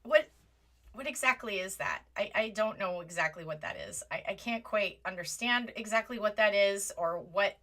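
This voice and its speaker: A woman hosting a live commentary stream from a home setup, animated and exasperated, often apologizing and at times close to yelling. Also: medium pitch, moderate pace. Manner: rises to near yelling at times. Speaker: livestream host. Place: home setup with green screen.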